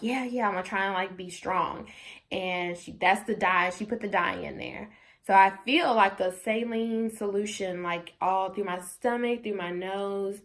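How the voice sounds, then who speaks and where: A young adult woman vlogging, telling a personal story in a casual, chatty way, saying "like" constantly and acting out what others said. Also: medium pitch. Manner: chatty, animated, says "like" constantly, acts out quotes.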